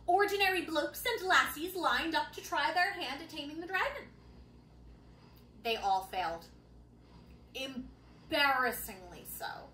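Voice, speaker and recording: A woman reading a picture book aloud to children, playful and expressive, with dramatic pauses and wry asides. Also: sits high, reverberant, slight background noise, poor audio. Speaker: children's storytime reader.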